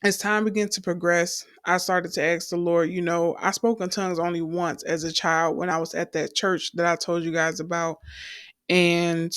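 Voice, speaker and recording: A woman's voice: lowish voice, level tone, moderate pace, fairly bright tone, no room sound, clean studio sound. A young adult woman, telling her personal faith testimony in an earnest storytelling way and calling the listeners y'all. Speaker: testimony speaker.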